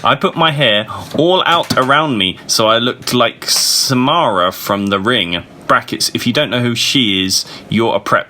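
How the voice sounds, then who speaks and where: A man giving a comedic reading of a story, laughing often and shouting the characters' lines. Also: medium pitch, a little hiss or hum. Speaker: reader. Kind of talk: comedic dramatic reading of fan fiction.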